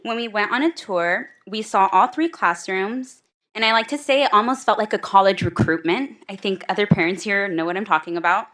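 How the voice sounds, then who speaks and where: A woman's voice: medium pitch, fairly quick, a bit bright. A mother giving an emotional prepared public comment at a school board meeting, close to tears.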